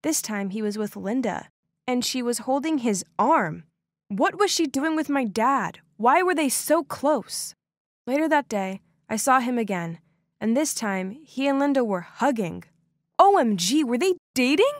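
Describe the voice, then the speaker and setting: A woman narrating a first-person animated story in an expressive, dramatic way. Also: on the high side, unhurried, no echo, studio quality.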